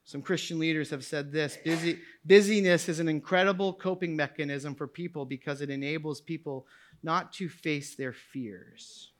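A man preaching a sermon to a church congregation, moving between quiet reflective passages and loud, shouted climaxes. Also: on the high side, fairly even intonation, moderate pace. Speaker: pastor. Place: church sanctuary.

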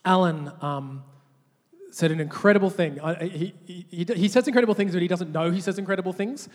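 High-voiced male pastor in a hall. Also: a little fast. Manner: animated, repeats words when restarting. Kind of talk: sermon with call-and-response. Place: large church hall. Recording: long hall reverb.

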